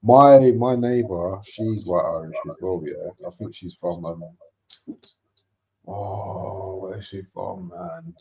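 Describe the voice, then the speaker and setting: Man, husky dark voice, hesitant rambling chat, dull lo-fi sound. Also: deep voice, slow. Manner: rambling, hesitant, fillers and slang. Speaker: co-host of a football watchalong. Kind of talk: casual chat.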